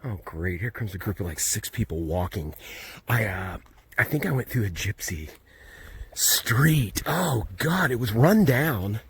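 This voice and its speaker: A man's voice: lowish voice, lively intonation, measured pace, gravelly, slightly rough. A man narrating a casual travel vlog while walking up a steep road outdoors, thinking aloud and out of breath. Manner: chatty, thinking aloud while hiking uphill. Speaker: travel vlogger. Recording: outdoor ambience and background noise.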